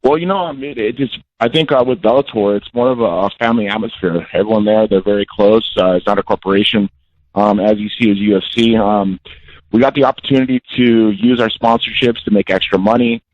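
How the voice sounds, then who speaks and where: Blunt and intense, the man in his forties keeps repeating himself as he phones in to the interview as a guest fighter. His voice runs low and brisk, and the dry call-in recording sounds dull and lo-fi.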